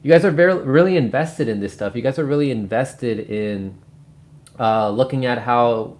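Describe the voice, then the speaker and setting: A book review host on his own channel casually recommends and explains a book, rambling with many fillers and restarts. His voice is medium-pitched and a little mellow, at a normal speed.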